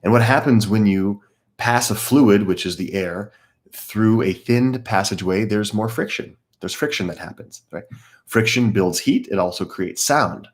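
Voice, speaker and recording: Low-voiced calm meditation teacher, man. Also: unhurried. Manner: calm explanatory teaching, greets viewers by name. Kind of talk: live guided meditation class.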